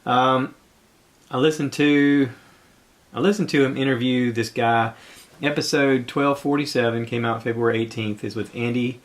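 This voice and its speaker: Alone at the mic of his own podcast, a man chats in a rambling style, somewhat winded. His mid-range voice holds a steady tone at a moderate pace.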